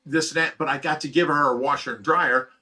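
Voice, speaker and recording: A man speaks straight to his viewers, retelling a hard personal story in loose, emotional, run-on sentences. His voice sits a little high and comes across bright and pushed. The delivery is raw and unpolished. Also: steady tone, a little fast, breathy edge. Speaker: host of a fish rescue channel.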